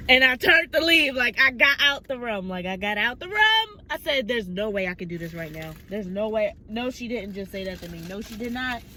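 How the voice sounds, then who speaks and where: Excited bright-voiced woman vlogger. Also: a little high, moderate pace, hardly any pauses, a little hiss or hum. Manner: excited, animated retelling with quoted asides. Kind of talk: casual storytime vlog.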